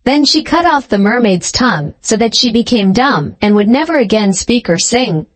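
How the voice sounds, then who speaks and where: Woman storyteller with a fairly high voice, steady clear fairy-tale narration. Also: normal speed. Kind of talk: scripted storybook narration for English learners.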